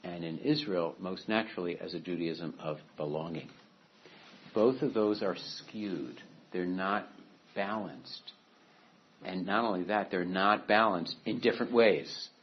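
In a deep voice and at a slightly slow pace, a man delivers a rambling, conversational class lecture full of asides and restarts. The audio comes from across an echoey room, sounding muffled and dull, with slight background noise.

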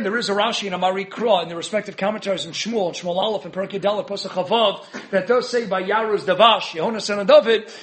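A man teaching a Torah class in an animated way, chuckling often and mixing in Hebrew and Yiddish terms. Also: high-pitched. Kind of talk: Torah lecture.

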